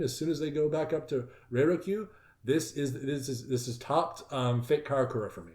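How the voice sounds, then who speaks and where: A man's voice: mid-range voice, normal speed, a little mellow. Guy hosting a chill anime talk, rambles then gets hyped and swears. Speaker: podcast host. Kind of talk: casual anime discussion.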